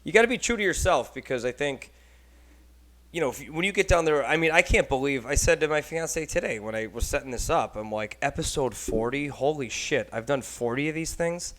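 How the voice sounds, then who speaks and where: A man hosting a casual podcast chat, with a Texan accent, talking in a loose, rambling and animated way and swearing casually. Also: a little high, brisk. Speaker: podcast host.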